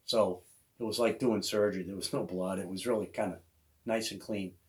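A man's voice: on the low side, a little fast. A man hosting a podcast, telling a hunting story in casual chat and acting out the other people's voices. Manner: animated storyteller who acts out voices of others. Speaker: podcast host.

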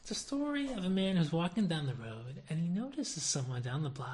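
A woman with a deep voice gives a religious lesson, opening with stories. She tells them in an animated way and chuckles at her own jokes. Her talk moves between lively and soft and thoughtful. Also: brisk. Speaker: Torah teacher. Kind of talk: storytelling lesson.

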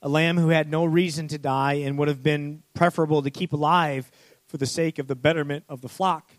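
A man preaching a sermon, telling a parable with swings between urgent speed and hushed, slow emphasis. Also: a little high, fairly even intonation, no room sound. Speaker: pastor.

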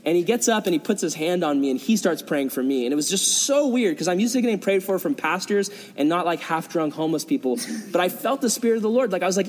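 A young man, a youth pastor, telling a story in a sermon, animated and acting out quotes with casual fillers, in a large hall before an audience. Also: high-pitched, rapid-fire. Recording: long reverb in a hall.

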